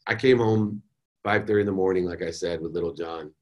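A middle-aged man, a podcast guest, telling a personal story in a candid, animated way with casual slang. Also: low voice, a little fast.

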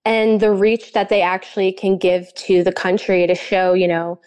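A woman's voice: mid-range voice, flat delivery, normal speed, darkish tone, smooth. A young woman chatting casually and gushing, with lots of fillers and giggles. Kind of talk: casual chat.

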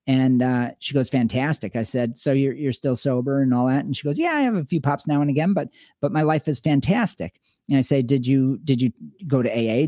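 Mellow-voiced man telling stories on a podcast. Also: medium pitch, no room sound, studio quality. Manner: animated storyteller, acts out quoted voices. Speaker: podcast co-host. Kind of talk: casual podcast discussion.

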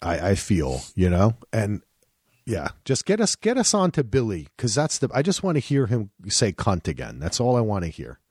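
Male podcast co-host, lively and foul-mouthed, bouncy pitch, dry close recording. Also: normal speed, breathy edge, no room sound. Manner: animated, profane, restarts often. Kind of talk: casual chat.

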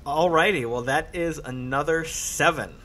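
A man's voice: a little high, measured pace, bright, forceful tone, a little hiss or hum. Upbeat male game master. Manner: upbeat, explains rules patiently. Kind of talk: running a tabletop horror game.

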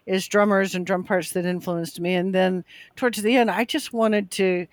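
A woman's voice: mid-range voice, steady tone, moderate pace, dry recording. A woman, a drummer and guest on the show, chatting casually and telling stories with quoted back-and-forth. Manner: chatty, storytelling with quoted exchanges. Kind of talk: casual chat.

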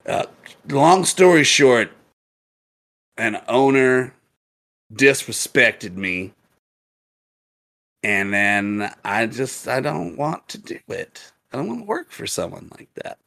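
Young adult man, gaming streamer; casual, profane storyteller with a very lively, swinging pitch. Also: slow, creaky, pauses often. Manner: animated, profane, laughing storyteller.

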